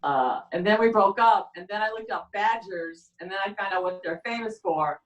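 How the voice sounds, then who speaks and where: A woman doing a stand-up comedy set with a rambling, halting deadpan delivery, often trailing off and restarting. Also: mid-range voice, lo-fi sound. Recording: echoey room, far from the mic.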